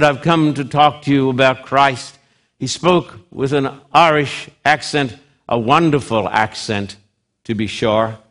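A man whose voice is a little high preaches with slow, deliberate, repetitive phrasing, his delivery swinging from loud emphasis down to hushed moments.

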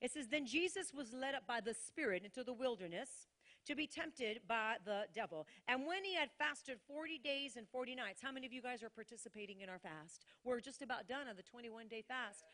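A woman's voice: on the high side, animated, brisk, fairly bright tone. A woman pastor preaching a sermon to a congregation in a church, emphatic, repeating key lines and calling out to listeners.

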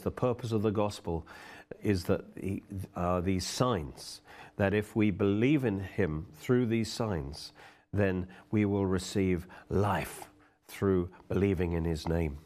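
A man's voice: lowish voice, darkish tone. A middle-aged man preaching a sermon, fervently reading and explaining scripture.

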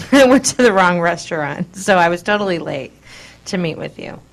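Woman, Southern American accent, lowish voice, teasing and playful, soft-spoken co-host. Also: expressive, normal speed. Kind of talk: casual chat.

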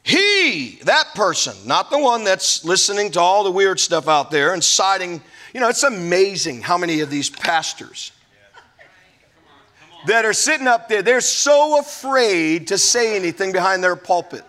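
A male pastor delivers a sermon in a high, bright, forceful voice. He preaches with emphasis and drops in folksy asides. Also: sing-song, a little slow.

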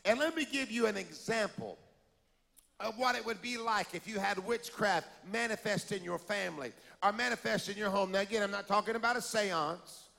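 A preacher with a very high, bright and gravelly voice, delivering an animated sermon. He shouts out to the congregation and calls for a response, and a long hall reverb trails behind him. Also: moderate pace. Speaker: pastor.

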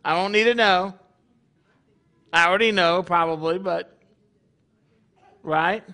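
A man's voice: high-pitched, slow pace, pushed and bright. A man leading his congregation in a conversational sermon, full of rhetorical questions. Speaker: congregation leader.

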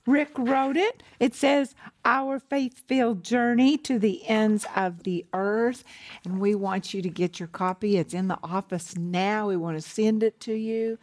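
Woman, co-host, ministry broadcast, earnest, gentle. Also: medium pitch, steady tone, unhurried. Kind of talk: televised ministry talk.

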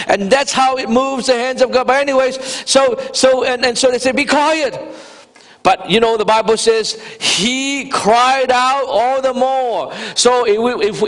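A man preaching a sermon, animated and conversational, rising to shouts for emphasis and talking directly to the congregation. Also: very high voice. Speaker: pastor. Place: church sanctuary. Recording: long reverb of a church hall.

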